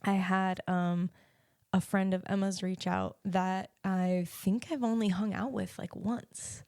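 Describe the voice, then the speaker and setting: Young American woman hosting a solo podcast, casual and rambling, lowish voice with fry, smooth and dry. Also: little pitch movement, slow pace, warm tone, no echo. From United States. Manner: chatty, rambling, many ums and restarts. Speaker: podcast host and life coach.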